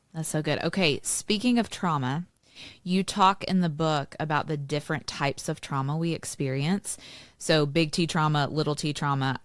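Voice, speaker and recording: A woman's voice: sits low, no echo. Engaged woman host, dry close sound. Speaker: podcast host. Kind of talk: interview question.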